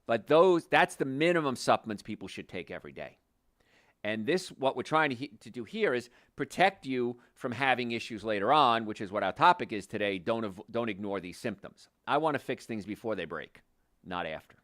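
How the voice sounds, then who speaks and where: A man's voice: mid-range voice, lively intonation, a little fast, a bit bright, dry recording, studio quality. An older man, a chiropractor hosting a health show, explaining conversationally with restarts and stressed words. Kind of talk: health talk monologue.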